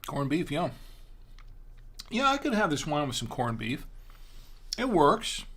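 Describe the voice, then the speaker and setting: A middle-aged man hosting a wine tasting show, chatting casually and haltingly, sometimes talking while chewing. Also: on the high side, sing-song, a bit bright.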